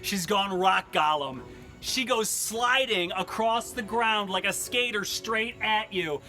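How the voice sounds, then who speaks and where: Leading a live-streamed workout, an upbeat male fitness instructor speaks slowly in a high, pushed, bright voice, cracking puns between exercise cues. Soft music plays behind him, and he adjusts the camera mic he's using.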